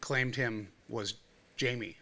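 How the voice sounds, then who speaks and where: Man, interviewer, calm, bright voice, mid pitch, casual chat. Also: slow.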